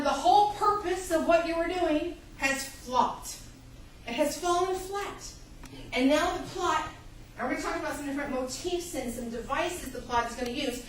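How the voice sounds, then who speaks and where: Female college lecturer, high and animated, acts out reader reactions, recorded from afar in a reverberant classroom. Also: slight background noise. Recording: echoey classroom, mic far off.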